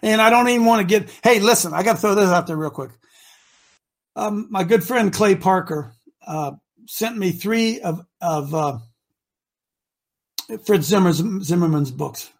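A preachy male talk show host from Ohio with a husky voice. He talks emphatically, breaking out into shouts and then dropping low. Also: a little slow, long pauses. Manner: emphatic and preachy, swinging between shouting and mutters.

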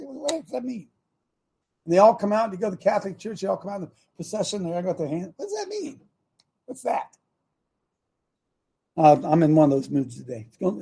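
A man hosting a talk show in a casual, opinionated way, animated, with loud bursts and repeated phrases. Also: a little high, creaky, breathy edge. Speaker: host.

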